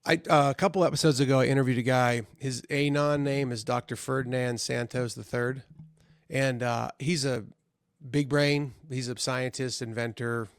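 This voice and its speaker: A man's voice: medium pitch, fairly even intonation, normal speed, clean tone, no echo. A man hosting a podcast interview, talking casually and bluntly with plenty of swearing. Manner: blunt, profane, laid-back. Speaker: podcast host.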